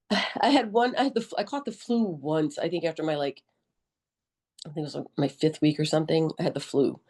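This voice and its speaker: A middle-aged woman as a podcast guest, telling her story in a lively, joking, colloquial way and acting out her own quotes. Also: low-pitched. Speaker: podcast guest, army veteran nurse. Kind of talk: conversational interview storytelling.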